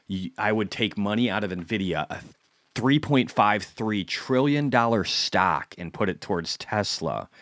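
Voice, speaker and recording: A man with a very deep, low-pitched voice hosts a casual live stock market trading stream. He is blunt and profane, dropping into muttered asides before bursting out loudly. The sound is dry and close, with no room echo.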